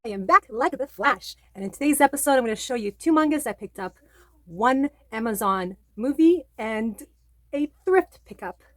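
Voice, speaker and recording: A woman's voice: a little high, lively intonation, normal speed, fairly bright tone. A woman vlogger chatting casually about manga and retelling a story in a rambling way, full of fillers.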